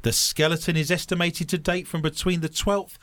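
A man's voice: a little high, moderate pace, dry recording. A man hosting a comedic podcast, joking and reading odd news stories aloud. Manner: jokey, animated, reads news stories aloud. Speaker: podcast host.

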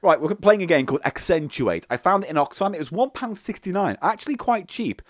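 A man's voice: high-pitched, lively intonation, brisk, no echo, clean studio sound. A young man chatting casually and explaining a party game's rules, rambling and swearing with jokes.

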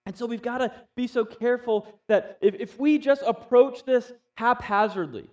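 A man's voice: extremely high pitch, normal speed, a little mellow, far from the mic, dull audio. Conversational man preaching a sermon. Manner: conversational, asks the audience questions. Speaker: pastor.

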